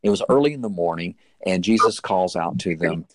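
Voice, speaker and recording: A low-voiced man preaches briskly, recounting a Bible story sermon-style with lively intonation. As an earnest storyteller, he lets his voice climb sharply at the dramatic moments, with no room sound.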